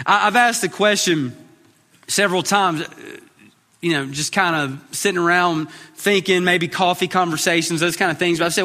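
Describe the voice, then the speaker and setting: Man, pastor, sermon, high bright voice, earnest, long hall reverb. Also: steady tone, normal speed. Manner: earnest, repeats words when starting phrases.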